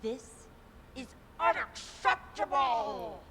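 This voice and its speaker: A woman's voice: high-pitched, big pitch swings, extremely slow, a bit bright, heavily acted. A woman acting an entitled woman who confronts a stranger, in a haughty, indignant manner. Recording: noisy audio from a video clip.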